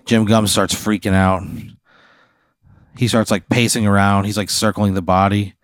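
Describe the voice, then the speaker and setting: A man with a fairly low voice narrates an improvised scene in a deadpan, step-by-step way. He talks casually as the host. The sound is close and dry, with no room echo. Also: moderate pace. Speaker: host running an improvised scenario.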